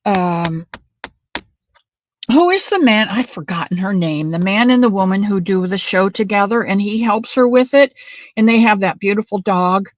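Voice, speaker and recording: The recording is dry and muffled, with a woman talking at a moderate pace and medium pitch. In her home craft room she hosts a casual crochet livestream, chatting with viewers by name and slipping into side stories.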